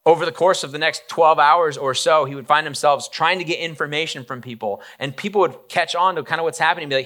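A man preaching a conversational sermon, retelling a story in a casual, animated way with asides and fillers. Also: a little high, quick pace, hardly any pauses. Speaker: pastor.

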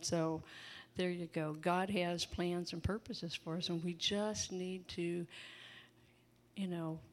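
A woman's voice: fairly low pitch, fairly even intonation, slow. A woman preaching an informal sermon in a chatty, folksy way, laughing often and breaking into asides.

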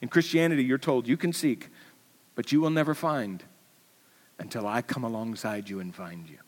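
Male pastor, animated storytelling sermon, wide dynamics, reverberant auditorium. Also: mid-range voice, moderate pace. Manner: animated storyteller, swinging from loud to hushed. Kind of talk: Easter sermon. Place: church auditorium.

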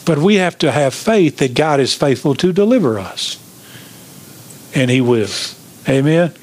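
A man's voice: on the high side, lively intonation, a little slow, a little mellow. Man preaching an emphatic sermon. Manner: emphatic preaching with rising questions to the congregation. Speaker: pastor.

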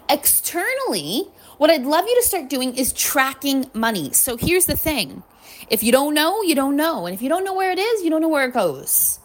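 Upbeat high-voiced woman money coach. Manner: upbeat, emphatic, repetitive. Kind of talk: motivational teaching talk.

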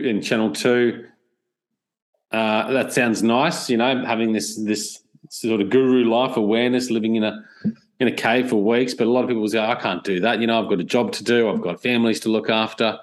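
A podcast host speaks over a remote call. His voice is low for a man. He muses slowly and hesitantly as he asks his questions. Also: fairly even intonation. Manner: slow, thoughtful, hesitant. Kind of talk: interview questions.

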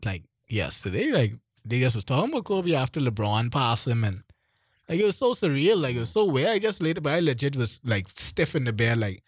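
A man's voice: medium pitch, brisk, slightly rough, no room sound, studio quality. A man, co-hosting a casual chat and telling stories with quoted voices. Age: 20s. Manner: animated, storytelling with quoted voices. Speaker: podcast co-host.

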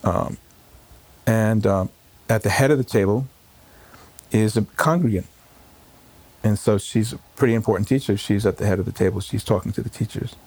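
Low gravelly rabbi recalling a hard day. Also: male voice, a little mellow. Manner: halting, full of fillers and restarts. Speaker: rabbi, interview guest. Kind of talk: emotional personal recollection. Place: home.

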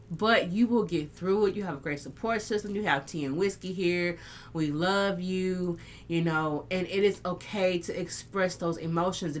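A woman's voice: lowish voice, sharp tone. A woman hosting a casual live-stream talk show, reading viewer comments and speaking candidly and emotionally, swearing freely.

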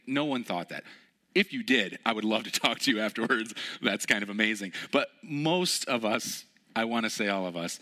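A young man preaching a relaxed, conversational sermon, telling stories with lots of fillers. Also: fairly low pitch. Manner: casual, storytelling, many fillers. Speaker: pastor.

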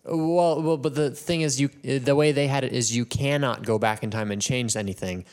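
Dude on a podcast, kinda halting, restarts a lot, normal pitch. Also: male voice, a little mellow. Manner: halting, searches for words, restarts. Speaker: podcast co-host. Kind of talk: casual chat.

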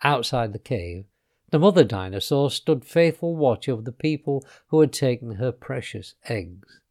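A man reading a children's storybook aloud in an expressive way, letting his voice drop softly on the speech tags. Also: mid-range voice, moderate pace.

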